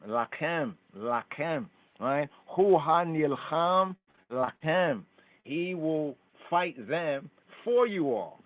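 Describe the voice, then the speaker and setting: Slow man teaching on a phone line. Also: mid-range voice, no echo. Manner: slow, repeats and sounds out Hebrew words. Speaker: host. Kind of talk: call-in scripture teaching. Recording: tinny phone line, dry.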